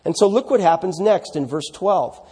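Husky-voiced preacher in a reverberant hall. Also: male voice, sits high, normal speed, dark tone. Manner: conversational preaching, rhetorical questions to the congregation. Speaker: pastor. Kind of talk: sermon.

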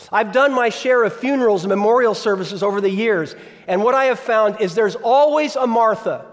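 A man preaching a sermon as pastor, conversational, often asking the congregation questions. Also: sits high. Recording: long reverb of a large hall.

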